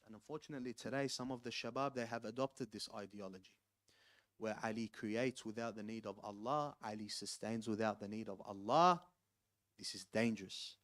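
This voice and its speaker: A man giving a mosque sermon, speaking emphatically and rising to loud, urgent warnings. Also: mid-range voice, no echo, studio quality. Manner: ends in rapid Arabic prayer. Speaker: preacher.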